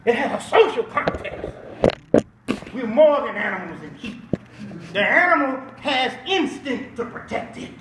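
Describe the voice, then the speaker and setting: Older man, high-pitched voice, banquet speaker, rhetorical call-and-response preaching, echoey hall, distant mic, faint noise. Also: sing-song, measured pace. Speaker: guest speaker. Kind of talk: Islamic preaching at an awards banquet.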